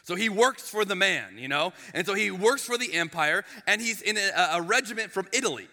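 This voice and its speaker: A man, the lead pastor, telling a story in a chatty, animated sermon in a church sanctuary. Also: high-pitched, a little fast. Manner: animated, chatty, with frequent restarts and asides. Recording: long reverb of a large hall.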